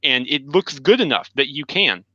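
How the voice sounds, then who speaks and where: A man with a bright, forward voice chats eagerly on a gaming podcast, recounting a story in animated detail. The sound is dry and a little dull, like online call audio. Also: medium pitch, moderate pace, dry recording. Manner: enthusiastic, animated storytelling with acted quotes. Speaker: podcast co-host. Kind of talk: casual gaming podcast chat.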